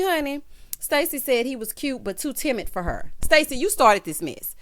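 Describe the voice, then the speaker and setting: A woman's voice: medium pitch, expressive, moderate pace. A young woman hosting a casual reality show recap, sassy and chatty, calling viewers honey and child. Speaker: YouTube recap host.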